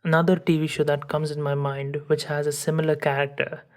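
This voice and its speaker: A woman podcast host reading a scripted essay in a measured, academic way. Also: deep voice, little pitch movement, a little mellow.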